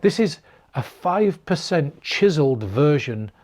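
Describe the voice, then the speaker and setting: A man's voice: fairly high pitch, sing-song, unhurried, darkish tone. A man from the north of England talking straight to his own camera, giving earnest, encouraging advice to the viewer. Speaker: mentalist giving performance advice. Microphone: camera recording himself.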